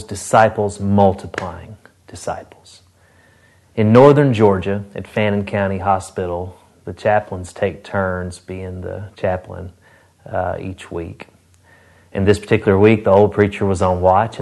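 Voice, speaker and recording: A male preacher with a fairly low voice delivers a sermon. He slips into a folksy anecdote and often stumbles over his words and starts phrases again. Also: fairly even intonation. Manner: halting restarts, folksy storytelling. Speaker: pastor. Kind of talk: sermon with storytelling.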